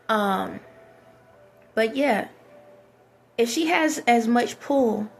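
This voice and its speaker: Rambling woman vlogger, mid-pitched. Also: creaky, slight background noise. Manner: rambling, repeats phrases, many fillers and restarts. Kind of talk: casual to-camera monologue.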